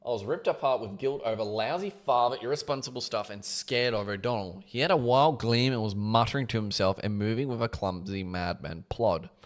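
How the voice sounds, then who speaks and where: Guy reading a book out loud on a stream, chats and swears in between. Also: lowish voice, fairly quick, hardly any pauses. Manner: casual asides with swearing between read passages. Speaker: livestream book reader. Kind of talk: reading a book aloud with commentary.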